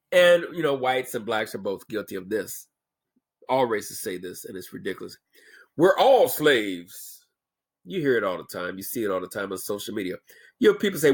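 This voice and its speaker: A man's voice: medium pitch, husky. A man delivering a blunt, emphatic opinion rant as a vlogger, lecturing his viewers.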